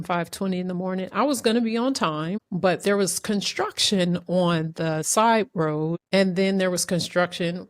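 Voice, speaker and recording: A woman hosting a podcast, telling a story in an animated, emotional way with many restarts. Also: lowish voice, no room sound, studio quality. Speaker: podcast host. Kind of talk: casual interview chat.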